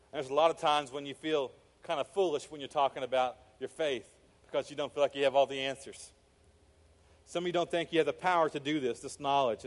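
Animated preacher man in a reverberant hall. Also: medium pitch. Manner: animated, acts out Bible scenes in quoted voices. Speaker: pastor. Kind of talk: sermon. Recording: long reverb of a large hall.

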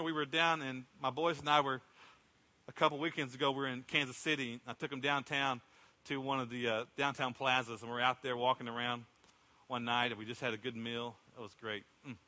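A middle-aged pastor preaches in a sanctuary, his medium-pitched voice brisk, pushed and bright but mostly flat in pitch. He frames the sermon as conversational storytelling, acting out what people said, and the hall gives a long reverb.

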